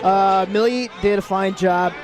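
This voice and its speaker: Man, podcast panelist, high voice, blunt, swears a lot. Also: fairly even intonation, measured pace, music in the background. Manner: blunt, profane opinions. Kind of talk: casual panel chat reacting to a video.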